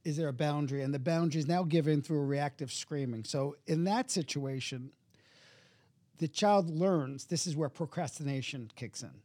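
A man's voice: on the high side, normal speed, dark tone, no room sound. A man, a hypnotherapist guest in an interview, explaining his ideas and acting out voices in his anecdotes. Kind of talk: interview conversation.

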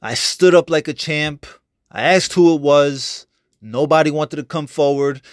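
A man's voice: on the high side, a little slow, no room sound, clean studio sound. A young man ranting casually about his baseball team, cursing freely and trash talking, with lots of fillers and restarts. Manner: profane, fired-up trash talk with many fillers and restarts. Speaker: sports fan vlogger. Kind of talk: casual fan rant.

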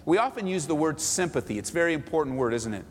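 A man's voice: on the high side, very animated, fast talker, big-room sound, a little hiss or hum. A man pastor teaching a Bible study sermon in a church sanctuary, earnest, repeating phrases and stretching out key words.

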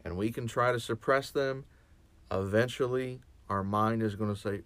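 A man's voice: on the low side, moderate pace, fairly bright tone, dry recording. A man speaking as a chaplain in a reflective podcast monologue, earnest and often restarting and repeating his words.

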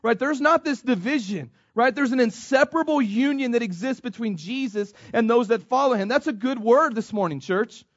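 High-voiced preacher, dull dry sound. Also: male voice, expressive, moderate pace, few pauses, dry recording. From United States. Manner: repeats himself, addresses the congregation as "church". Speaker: pastor. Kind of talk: sermon.

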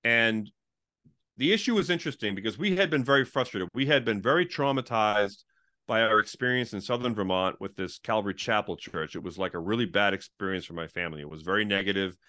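Appearing as an interview guest, this middle-aged ex-pastor spins casual stories, saying "like" a lot and performing the quoted lines of the people in them. His voice sits on the low side, with a sharp tone and a fairly quick pace.

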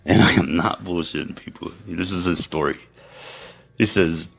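Brief: gravel-free but husky guy, deep voice, rambling, crude and emphatic. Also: moderate pace, soft background music. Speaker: storyteller. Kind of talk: profane casual monologue to viewers.

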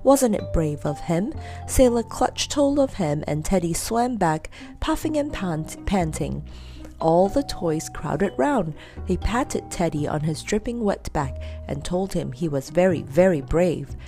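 A woman reading a children's story aloud in a lively, expressive way. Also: lowish voice, measured pace, soft background music.

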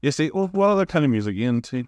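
Northern irish guy hosting a podcast, animated, does accents, dry close sound. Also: a little high, very fast, no room sound. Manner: animated storyteller who mimics accents. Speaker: podcast host. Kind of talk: casual chat.

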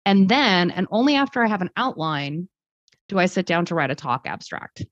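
A woman's voice: lowish voice, very animated, normal speed, no room sound. A woman talking thoughtfully in a podcast conversation, explaining her ideas with restarts and fillers. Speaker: guest speaker. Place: lives in Germany. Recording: dull lo-fi sound, dry.

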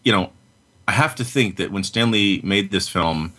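A man's voice: on the low side, normal speed, sharp tone. A middle-aged man co-hosting a film podcast, talking casually with many fillers and restarts. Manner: rambling, lots of fillers and restarts. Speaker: podcast co-host.

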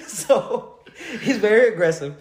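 A man's voice: high voice, sing-song, takes it slowly, echoey room. A man in his late twenties telling a story in casual slang, laughing often as he talks. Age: late 20s.

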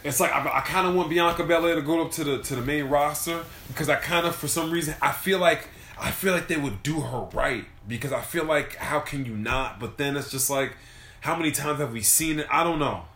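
A man's voice: a little high, brisk, sharp tone, a little hiss or hum. A man co-hosting a podcast, chatting casually and animatedly about wrestling, often laughing and repeating himself. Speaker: podcast co-host. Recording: roomy echo.

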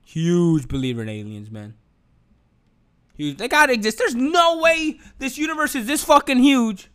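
A young man rambles through a comedic podcast monologue, loose and slangy with plenty of swearing. His voice sits high and swoops up and down with energy. The tone is bright and forward. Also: moderate pace, smooth. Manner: animated, joking, slangy and profane. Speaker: podcast host.

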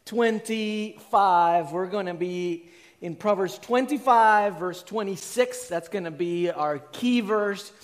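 A man in his forties, a pastor giving a sermon, who tells stories in a lively way and acts out his own reactions. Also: high-pitched, slow.

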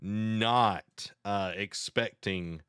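Low, smooth-voiced male podcast co-host. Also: extremely slow, dry recording, studio quality. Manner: relaxed and friendly, with frequent fillers. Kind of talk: casual gaming podcast chat.

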